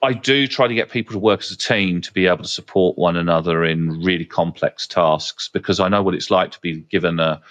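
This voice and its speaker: A man's voice: low-pitched, brisk, few pauses, fairly bright tone. A man hosting a podcast, talking frankly in a casual chatty way with plenty of fillers and the odd swear word. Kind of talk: casual conversational anecdotes.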